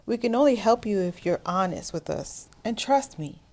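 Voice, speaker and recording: A man voicing a cold, calculating woman hospital executive who hides icy calm under syrupy, fake sympathy. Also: sits high, moderate pace, pitched above the performer's own voice.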